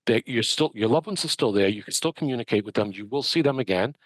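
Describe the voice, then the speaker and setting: A man, a medium and podcast guest, telling anecdotes in an animated, chatty way with many restarts. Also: mid-range voice, fast, no echo. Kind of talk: conversational storytelling.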